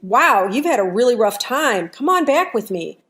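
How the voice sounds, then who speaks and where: A woman's voice: a little high, very animated, normal speed, a bit bright. A woman voicing a cheerful little old man of about eighty who talks in a friendly sing-song. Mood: warm, soothing.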